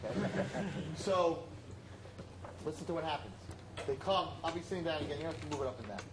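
A man teaching a class, telling a parable in an animated, emphatic way and repeating his points. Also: on the high side, a little fast, heavy background noise. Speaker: religious teacher. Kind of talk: storytelling lesson to a class. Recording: roomy echo.

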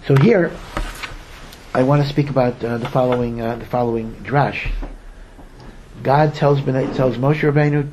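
A man's voice: mid-range voice, measured pace, long pauses, darkish tone, muffled recording, slight background noise. Man giving a storytelling Torah sermon. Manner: storytelling, repeats words for emphasis; acts out quoted speakers. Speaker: rabbi teaching Torah.

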